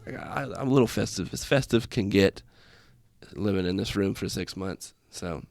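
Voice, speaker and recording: A man speaks at normal speed in a low, creaky, slightly mellow voice while hosting his own casual podcast. He's an airman who rambles, jokes at his own expense, and keeps going off on tangents. He records at a desk in front of his laptop in a small room with festive lights, and the audio is clean studio sound without room sound.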